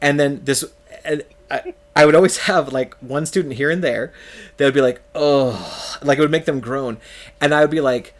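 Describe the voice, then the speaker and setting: A man's voice: a little high, moderate pace. A man from California, streaming a game and telling rambling, self-mocking stories, laughing often as he talks. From California, United States. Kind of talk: casual storytelling chat on a live stream.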